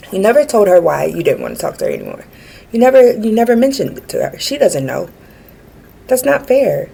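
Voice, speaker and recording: A low-pitched woman with a gravelly edge to her voice talks through a personal rant, earnest and frustrated. Her tone is dark and mellow, and a faint hiss of background noise sits under the recording. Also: rough recording. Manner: earnest, frustrated, many fillers and restarts. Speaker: vlogger.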